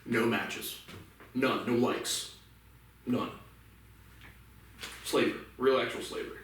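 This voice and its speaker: A man's voice: a little high, a bit bright, slight background noise. Angry ranting man, echoey distant mic. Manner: profane, angry, scornful. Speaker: solo vlogger. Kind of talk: ranting monologue. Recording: very echoey room, mic far off.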